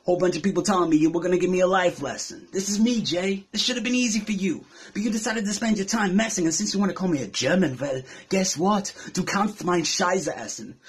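A man's voice: high-pitched, animated, fast talker, hardly any pauses, slightly rough. A man from England delivering a battle rap verse, taunting his opponent with aggressive insults. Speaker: battle rapper.

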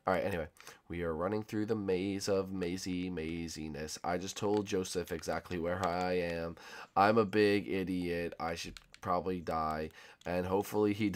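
A young man's voice sits low, clear and resonant, though he has a sore throat. As a gaming YouTuber, he jokes his way through a hide-and-seek game with friends, excitable and prone to shouts and laughs.

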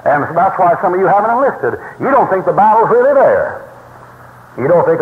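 A man with a fairly high voice preaches, telling stories in a folksy, emphatic way. His voice fills a roomy hall, and the long reverb trails after each phrase. The 1960s recording is thin and tinny. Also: very animated, fairly quick. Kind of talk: sermon.

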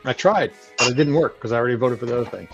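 A man's voice: medium pitch, rapid-fire, muffled recording, soft background music. A man in a casual group chat, explaining and arguing his point.

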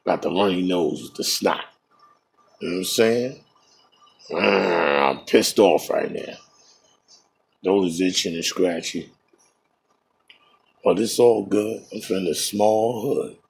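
A man's voice: deep voice, takes it slowly, gravelly, long pauses, a little hiss or hum. A man streaming a game and trading profane, boastful taunts, breaking into laughter at his own jokes. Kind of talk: trash-talking commentary over a game.

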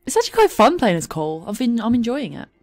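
A woman's voice: on the high side, wildly swooping pitch, fast, a little mellow, soft background music. Giggly woman gushing over a game. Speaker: gaming YouTuber. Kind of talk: let's play commentary. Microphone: desk microphone.

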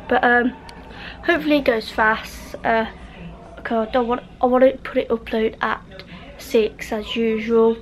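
A woman's voice: fairly high pitch, poor audio. A woman from the UK chatting in a rambling vlog at home, full of fillers and trailing off. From United Kingdom. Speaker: vlogger. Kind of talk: casual vlog talk. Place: home bedroom, indoors.

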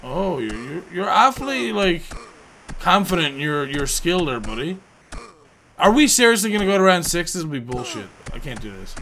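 Bright-voiced, excitable swearing gamer guy. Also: on the high side, normal speed. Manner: profane, excitable outbursts and rambling jokes. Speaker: gameplay commentator. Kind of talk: let's play commentary.

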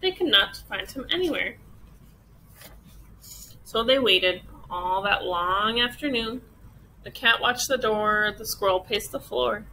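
A woman teacher reading a children's picture book aloud with expressive storytelling. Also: medium pitch, slow, long pauses, a little hiss or hum, rough recording.

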